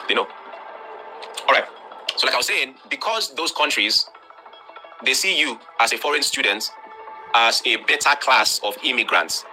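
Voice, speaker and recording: A man with a Nigerian accent hosting an online class, lecturing students bluntly and forcefully, with lots of rhetorical questions. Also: medium pitch. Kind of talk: live-streamed talk to students.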